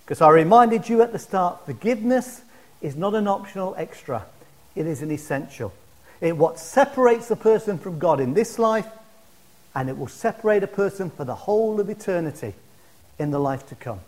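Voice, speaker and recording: A man with a high voice preaching a sermon. He swings between loud, ringing declarations and soft, hushed appeals, and slows right down to lean on key words.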